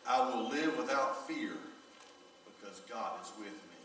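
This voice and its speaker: A pastor preaching a sermon, telling a personal story with emotion, his voice often dropping low and soft. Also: lively intonation, unhurried, a little hiss or hum. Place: large church sanctuary. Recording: echoey church hall recorded from far off.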